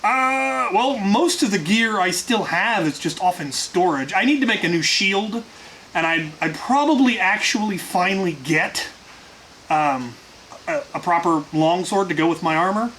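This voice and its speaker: A man's voice: sits high, animated, measured pace, fairly bright tone, rough recording. A man hosting a casual viewer Q&A, answering in a dry, offhand way with restarts and fillers. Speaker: host answering viewer questions. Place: workshop. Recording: faint hiss.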